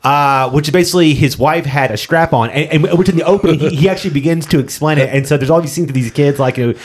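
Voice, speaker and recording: A man's voice: a little high, fast talker, husky. A man co-hosting a casual podcast, talking through shows and movies with many fillers and restarts. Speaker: podcast co-host.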